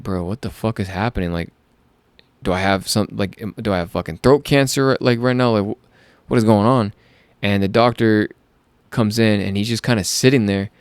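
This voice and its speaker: A young podcast host recounts a story in a loose, rambling way, full of slang and false starts. His voice is low and gravelly yet clean. The close mic gives a dry, dead sound. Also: dry recording. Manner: rambling, slangy, many fillers and restarts. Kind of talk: casual storytelling monologue.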